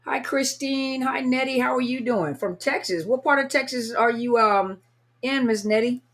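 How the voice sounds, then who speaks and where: Streaming casually from home in California, a high-voiced woman speaks at normal speed. She greets viewers individually by name, warm and chatty, though a bit weary.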